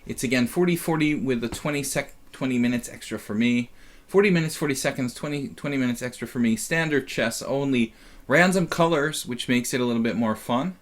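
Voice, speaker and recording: A man's voice: medium pitch, fairly quick. A tired man casually commentating his chess simul on a live stream, rambling and chatty with lots of fillers.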